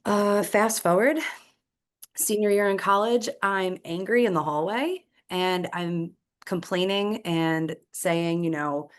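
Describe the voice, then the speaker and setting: A woman, a podcast guest telling her career story in a lively, casual way. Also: fairly low pitch, normal speed. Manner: animated storyteller acting out quoted dialogue. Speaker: podcast guest, clinical executive.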